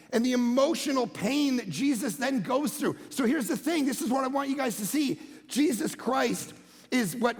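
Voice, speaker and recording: High, gravelly-voiced man preaching a sermon. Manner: energetic and conversational, swings from loud emphatic bursts to quiet low asides. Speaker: pastor. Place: church auditorium. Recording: long hall reverb.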